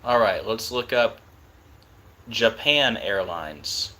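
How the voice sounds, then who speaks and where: A young man hosting a live stream, talking casually and excitedly in disbelief. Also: on the low side, takes it slowly.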